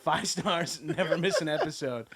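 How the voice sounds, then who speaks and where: Man with a Long Island accent, podcast host, fairly high voice, self-mocking, laughs a lot. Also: moderate pace, a bit bright, husky. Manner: laughs often, mock-indignant, self-mocking. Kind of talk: reading listener reviews aloud, casual chat.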